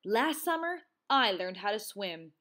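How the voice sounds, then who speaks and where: A woman voicing an excitable, clumsy little boy frog in a storybook read-aloud, with squeaky, shouting outbursts. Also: unhurried. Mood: eager.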